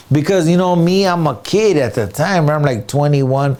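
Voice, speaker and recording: A comedian in an interview telling a story casually, with street slang, sound effects and many "right?" and "dude" tags. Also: male voice, fairly high pitch, moderate pace, a little mellow. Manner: many restarts and fillers.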